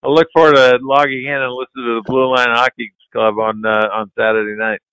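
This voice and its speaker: A man's voice: mid-range voice, flat delivery, a little fast, a bit bright, clean tone, no echo, poor audio. An older man, a retired hockey player, casually telling a story as a podcast guest, laughing and swearing now and then.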